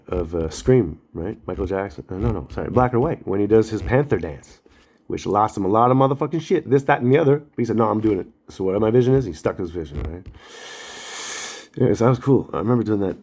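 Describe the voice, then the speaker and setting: A man rambling through a spiritual monologue and story, animated, slangy and full of swearing. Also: on the low side, quick pace. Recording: dull lo-fi recording.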